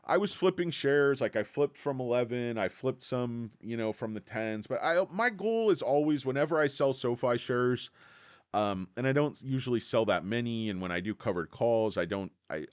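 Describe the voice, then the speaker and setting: A man's voice: on the low side, no echo. A man hosting a casual stock livestream, sarcastic, crude and rambling, a bit out of breath. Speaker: stock market livestream host.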